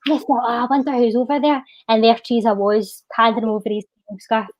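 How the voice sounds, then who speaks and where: A woman's voice: on the high side, level tone, muffled recording. Scottish woman reciting spoken word poetry. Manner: lilting, heartfelt, slows down for the poem's refrain. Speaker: guest poet.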